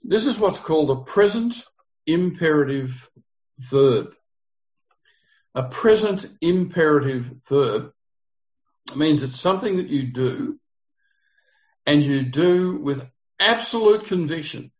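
A man's voice: fairly high pitch, lively intonation, slow, long pauses. Earnest male Bible teacher, dull lo-fi sound. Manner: earnest, asks the group questions. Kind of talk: interactive Bible study. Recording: dull lo-fi recording.

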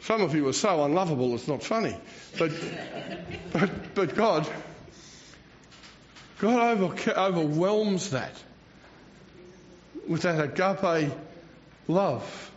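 A man's voice: on the high side, lively intonation, takes it slowly, pauses often. A man, preaching a rambling, self-mocking sermon and chuckling between phrases. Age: 60s. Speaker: pastor. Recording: dull lo-fi recording.

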